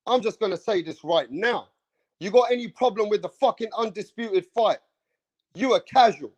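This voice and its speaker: A man rants into the camera in a high-pitched voice. He is fired up and swears freely. He hammers the same points over and over. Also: darkish tone. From England. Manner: fired-up, profane, repeats himself, keeps saying bro. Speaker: boxing channel host. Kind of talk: heated opinion rant to camera.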